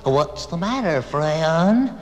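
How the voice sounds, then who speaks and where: A man's voice: on the high side, big pitch swings, takes it slowly, long reverb tail. A man voicing a giggly, endlessly cheerful pink male bird in a sing-song manner. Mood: cheery. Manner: sing-song, bursting into laughter.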